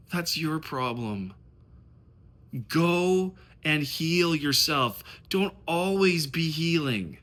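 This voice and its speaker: Lively, sharp-voiced ranting man. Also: fairly high pitch, very slow. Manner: passionate, rambling, swears freely. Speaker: dating coach. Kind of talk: casual vlog rant to camera.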